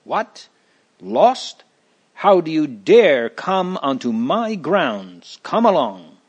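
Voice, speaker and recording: A man's voice: medium pitch, expressive, unhurried, lo-fi sound, natural voice. A man voicing a huge, domineering male giant who roars orders in a storybook reading. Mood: angry. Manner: roaring, bossy.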